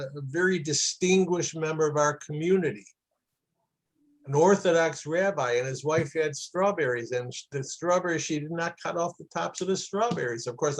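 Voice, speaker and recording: A man's voice: a little high, poor audio. A man teaching a class on kosher food, telling anecdotes in a chatty, casual way with many fillers. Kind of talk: casual storytelling lecture.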